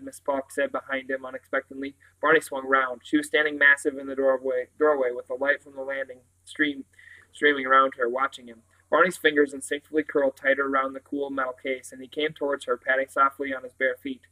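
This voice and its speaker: A man reading a novel aloud, steady and plain, correcting the odd slip as he goes. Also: medium pitch, a little fast, rough recording. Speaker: reader.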